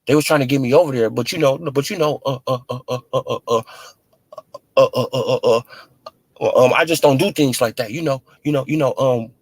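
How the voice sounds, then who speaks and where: Low, halting impression of a rapper who stammers through excuses, done by a man mocking him. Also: husky, no echo. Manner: stammering, hesitant, full of filler sounds.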